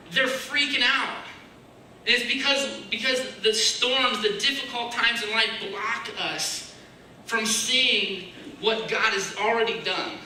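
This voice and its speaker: A man giving a casual, searching sermon, dropping to a hushed voice when he voices other people's prayers. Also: high voice. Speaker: preacher. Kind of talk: conversational sermon. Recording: echoey room, mic far off, faint hiss.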